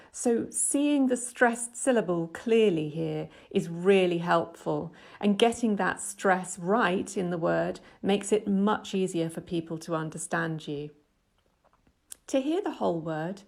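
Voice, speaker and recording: A middle-aged woman teaches in a scripted voice-over, speaking clearly and at a measured, patient pace. Her tone stays steady and explanatory, like a teacher walking a learner through each step. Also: lowish voice. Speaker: English teacher.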